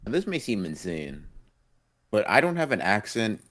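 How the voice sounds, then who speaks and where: A man's voice: lowish voice, sing-song, normal speed, a bit bright. A man co-hosting a podcast, talking in a laid-back, joking way with plenty of ums and likes. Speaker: podcast co-host. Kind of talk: casual chat.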